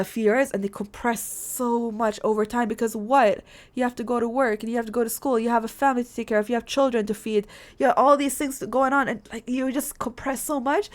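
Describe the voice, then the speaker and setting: A woman's voice: mid-range voice, a little mellow. A young woman in her twenties talking straight to her viewers in a candid, rambling monologue, swearing freely and leaning on "like" as she talks. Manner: candid, swears often, heavy filler "like", addresses viewers as guys. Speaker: vlogger.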